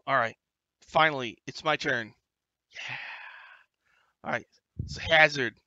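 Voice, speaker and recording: A man's voice: mid-range voice, unhurried, bright, forceful tone, no echo, highs cut off. A man running a tabletop game as game master over an online voice call, talking casually with many fillers.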